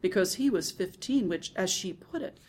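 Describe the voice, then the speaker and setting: A woman narrating a first-person literary story in a soft, hushed, intimate reading. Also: mid-range voice, lively intonation, moderate pace. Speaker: audiobook narrator.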